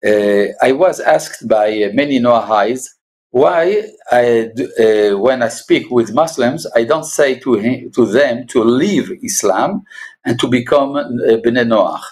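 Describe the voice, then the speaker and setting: Guy, rabbi in an interview, keeps pausing, lots of uhs, mid pitch voice. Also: animated, a little mellow. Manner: halting, many filled pauses. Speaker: rabbi and guest. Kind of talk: interview answers.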